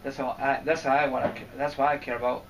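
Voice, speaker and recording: A man's voice: medium pitch, little pitch movement, fast, vocal fry, highs cut off. A man giving a rambling, casual rant as a wrestling fan vlogger, cursing and getting irritated as he goes. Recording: distant mic, faint background noise.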